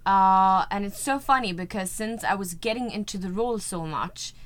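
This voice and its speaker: A Swedish actress with a European accent chats as a guest in a casual interview, gushing and scattering "like" and "you know" throughout. Her medium-pitched voice is fairly bright and moves at a normal speed.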